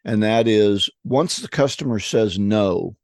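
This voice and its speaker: A man's voice: fairly low pitch, expressive, measured pace, vocal fry, darkish tone, no echo, clean studio sound. A man co-hosting a casual talk on selling, telling anecdotes with restarts and acted-out voices. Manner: storytelling, acts out voices in anecdotes; frequent restarts and repeated words. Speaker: podcast co-host.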